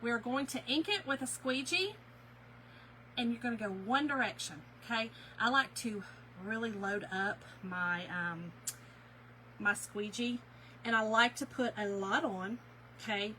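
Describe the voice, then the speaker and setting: A woman's voice: a little high, unhurried, pushed and bright, a little hiss or hum, low-quality recording. A middle-aged woman, giving a chatty, folksy live craft demo and calling her viewers y'all. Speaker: craft instructor.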